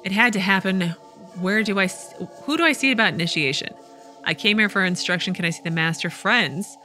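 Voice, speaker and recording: A woman's voice: mid-range voice, brisk, bright, forceful tone, faint music behind. A woman hosting a let's play, wryly reading the game's dialogue aloud and commenting as she plays. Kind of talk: casual gameplay commentary.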